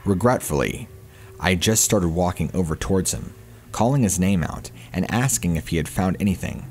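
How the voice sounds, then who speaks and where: A man narrating a first-person horror story in a steady storytelling manner. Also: low voice, moderate pace, soft background music.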